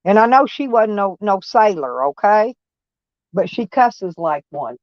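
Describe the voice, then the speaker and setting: A woman's voice: medium pitch, sing-song, unhurried, no room sound, muffled recording. A woman chatting casually on a live stream, folksy and blunt, answering viewers' comments by name and swearing mildly. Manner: blunt, peppered with mild cursing.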